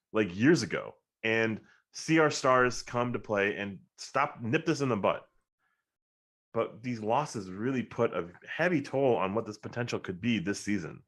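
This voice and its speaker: A man's voice: mid-range voice, measured pace. A man co-hosting a casual sports talk show, rambling and getting emphatic when frustrated. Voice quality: monotone. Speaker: podcast co-host.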